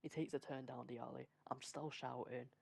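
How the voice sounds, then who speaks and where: A young man hosts a casual podcast and tells a rambling story among friends with plenty of energy. His mid-pitched voice has a gravelly fry to it. The sound is close and dry. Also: brisk, dry recording. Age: young adult. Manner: energetic, rambling, swears freely. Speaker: podcast host.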